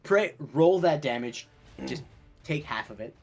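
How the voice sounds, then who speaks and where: Slow, lively-voiced young male game master. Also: fairly high pitch, gravelly, faint music behind. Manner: slow, animated storytelling with laughter. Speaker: dungeon master. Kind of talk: narrating a tabletop game.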